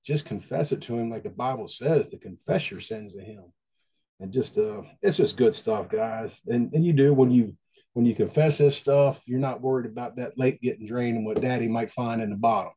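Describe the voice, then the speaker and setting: A man gives a casual devotional talk in a mellow, relaxed voice. He speaks in a folksy, conversational way and circles back to repeat his points. His pitch sits in an ordinary middle range. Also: moderate pace, husky.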